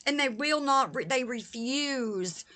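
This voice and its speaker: A woman with a voice pitched a little above the usual, speaking straight to her viewers in a vlog. She talks with emphatic, heated conviction and presses each point firmly. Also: animated, slow pace, pushed and bright. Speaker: vlogger. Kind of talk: direct-to-camera vlog talk.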